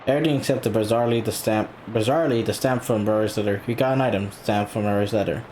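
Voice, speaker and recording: Brief: low-voiced male let's player, casual, reads game text aloud with quick reactions. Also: darkish tone, slight background noise. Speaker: gaming channel host.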